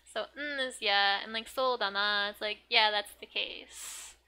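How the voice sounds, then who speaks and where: A young woman teaching Japanese from a manga in a chatty, giggly way, full of "like", sometimes muttering softly as she looks up words. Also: medium pitch, steady tone, a little slow, smooth. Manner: chatty, giggly, filler-heavy with frequent "like". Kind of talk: casual manga study lesson.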